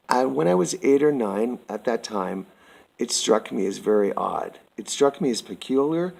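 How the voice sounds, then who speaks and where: A man from Canada reading a prepared statement aloud, slow, formal and earnest, addressing the listener as sir. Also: medium pitch, vocal fry, darkish tone, rough recording.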